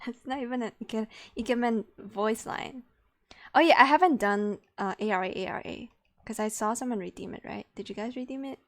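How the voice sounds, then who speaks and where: A woman's voice: fairly high pitch, fairly quick. A young woman streaming live, chatting casually in a playful, giggly, self-mocking way.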